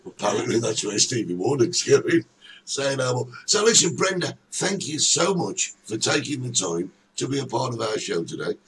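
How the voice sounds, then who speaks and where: A man hosting a relaxed chat show, teasing his co-host with a lively, up-and-down voice. He sits a little back from the mic, with a faint hiss behind him. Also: mid-range voice, moderate pace. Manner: banters, teasing. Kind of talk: casual chat. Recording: distant mic, faint background noise.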